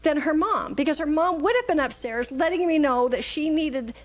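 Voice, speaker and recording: A woman's voice: high-pitched, lively intonation, moderate pace. A middle-aged woman telling stories in a casual conversation as a guest mentor, acting out the voices in her anecdotes.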